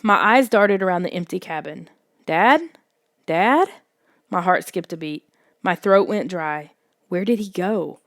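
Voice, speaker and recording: A woman narrating a children's suspense story in a soft, hushed audiobook reading. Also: on the low side, normal speed, no room sound, clean studio sound.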